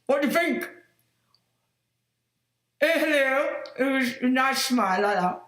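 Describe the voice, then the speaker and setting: A chirpy, mugging character with joke false teeth squeaks out in a very high, silly voice, as a man puts him on. The sound rings in a roomy space. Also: animated, a little slow, fairly bright tone, heavily acted. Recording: roomy echo.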